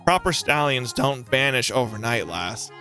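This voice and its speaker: A let's-play streamer voicing a gruff, grim older village man in a story game, over faint music. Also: mid-range voice, lively intonation, moderate pace, bright, forceful tone.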